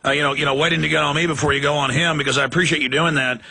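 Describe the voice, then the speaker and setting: A man hosting a call-in talk radio show, ranting fast and sarcastically, middle-aged. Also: fairly high pitch, steady tone, creaky, pushed and bright.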